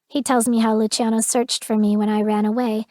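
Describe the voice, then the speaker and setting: A woman narrating a dark romance audiobook in the first person, with an intimate, emotional delivery. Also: a little high, little pitch movement, brisk, dry recording, studio quality.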